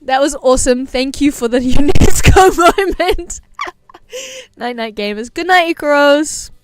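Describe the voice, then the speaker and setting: A young woman livestreamer chatting casually, playful and giggly, often trailing off into quiet mumbled asides. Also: sits high, animated, unhurried, no echo, studio quality. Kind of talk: casual stream chat.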